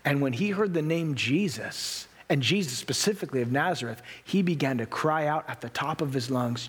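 A man's voice: mid-range voice, lively intonation, normal speed, hardly any pauses, breathy edge. A man preaching a sermon in an earnest, emphatic way, acting out Bible scenes as he goes. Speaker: pastor.

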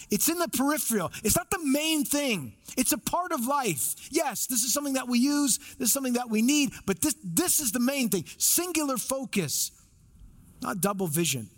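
A male pastor preaching a sermon, emphatic, with repeated phrases and rhetorical questions. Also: extremely high pitch.

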